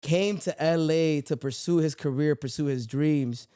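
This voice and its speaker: A man co-hosting a podcast, loud and hyped, sometimes tripping over his words. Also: a little high, measured pace, smooth, no room sound, studio quality. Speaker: podcast co-host. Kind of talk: casual podcast chat.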